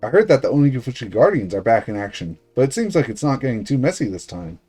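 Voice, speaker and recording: A man's voice: medium pitch, very animated, fast talker, mellow, breathy edge, soft background music. A man voicing a sly, teasing older police detective in a game read-aloud, unbothered and mocking. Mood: calm.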